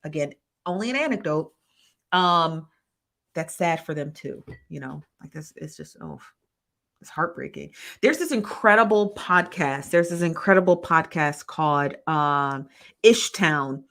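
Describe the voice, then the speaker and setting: A woman's voice: sits low, expressive, measured pace, fairly bright tone. A young woman hosting a casual livestream, chatting in a rambling, self-correcting way. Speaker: livestream host. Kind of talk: casual live-stream gossip chat.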